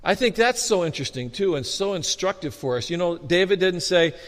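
A man preaching a sermon as a pastor, animated and storytelling with humor, often restarting his words. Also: sits high, fairly quick. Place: church sanctuary. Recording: long reverb of a hall.

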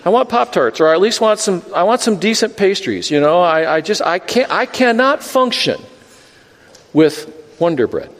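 A preacher voicing a snobbish toaster that sniffily refuses plain bread. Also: male voice, sits high, very animated, moderate pace, in a large hall, voice pushed up. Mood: sniffy. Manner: sniffy, faltering complaints. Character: snobbish male toaster, picky and unimpressed.

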